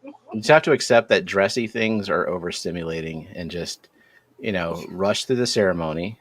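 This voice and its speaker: A man with a lowish voice runs a casual auction stream. His delivery swings lively up and down as he calls out bids and jokes between numbers. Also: moderate pace, dry recording. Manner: playful, jokey bid calling. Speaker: auctioneer host. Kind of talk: casual livestream auction calling.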